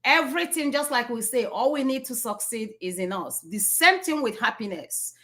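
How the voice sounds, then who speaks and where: A woman's voice: fairly high pitch, animated, normal speed, sharp tone. A woman giving an inspirational talk, repeating phrases for emphasis and asking rhetorical questions. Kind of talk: slow, preachy motivational talk.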